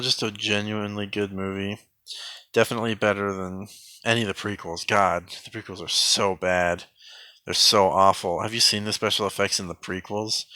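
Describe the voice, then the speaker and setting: Deadpan sarcastic man reviewing a film. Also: lowish voice, no echo. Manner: deadpan, rambling with fillers and restarts. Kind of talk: sarcastic mock movie review.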